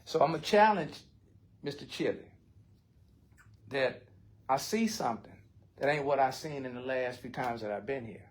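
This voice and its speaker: A man's voice: mid-range voice, normal speed, long pauses. An older man, speaking bluntly and with heart in a recovery support circle, often swearing. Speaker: recovery group member.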